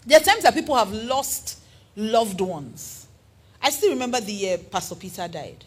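A woman preaching a sermon in an earnest, animated way, asking her listeners questions. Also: medium pitch, normal speed, breathy edge.

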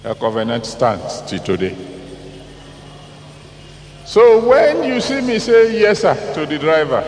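Man preaching, dramatic swings in pitch and volume, unhurried, heard from a distance in a reverberant hall. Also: wildly swooping pitch, a little mellow, slight background noise. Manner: dramatic, swings from low asides to raised exclamations. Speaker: pastor. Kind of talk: sermon. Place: large church hall.

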